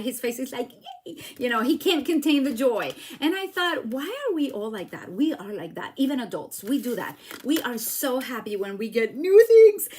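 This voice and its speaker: Lady doing a live stamping demo, kinda high voice, chatty and excitable. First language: Spanish. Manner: chatty and exclamatory, with frequent "like" and "okay?". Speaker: stamping demonstrator. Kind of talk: casual live craft demo.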